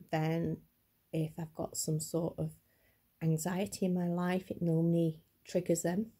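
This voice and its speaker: A middle-aged woman speaks to camera in a personal vlog, upset and halting, with a slight stammer. Her voice is husky and mellow, a little low for a woman. She talks slowly and earnestly. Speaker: vlogger.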